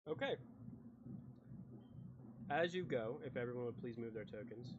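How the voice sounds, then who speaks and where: A man's voice: mid-range voice, expressive, moderate pace, slightly rough, dull audio. A man running a tabletop game as game master, casual and explanatory with fillers.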